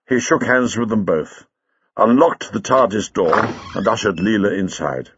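A man narrating a story in an expressive, dramatic reading style, on a dull lo-fi recording. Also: fairly low pitch, moderate pace, husky, no echo. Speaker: audiobook reader. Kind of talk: scripted narration.

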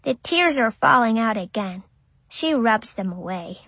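Little boy storyteller, a woman putting him on, slow careful words, very literal, dry close sound. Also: fairly high pitch, expressive, fairly bright tone, no room sound, exaggerated voice. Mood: wondering. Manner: childlike, literal and wondering. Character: curious five-year-old boy, earnest and innocent. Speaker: child narrator. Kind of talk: audiobook narration.

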